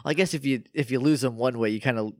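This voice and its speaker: A man's voice: medium pitch, quick pace, a little mellow, no room sound. Wry man with dry close sound. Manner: wry, joking asides with frequent laughter. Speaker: podcast co-host. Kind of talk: casual chat.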